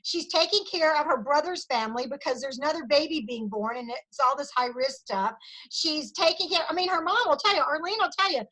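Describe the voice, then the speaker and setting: A woman with a high, bright voice runs a team meeting over a video call. She talks with bubbly enthusiasm, cheering her people on and saying "y'all" as she goes. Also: a little fast, low-quality recording. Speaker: sales director leading a team meeting. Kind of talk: energetic team meeting pep talk.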